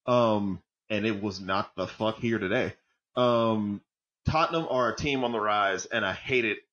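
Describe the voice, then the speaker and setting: A man's voice: on the low side, unhurried, a bit bright. A man co-hosting a football podcast in casual, joking chat, swearing freely and rambling between points. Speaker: podcast co-host, football fan. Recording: dull lo-fi audio.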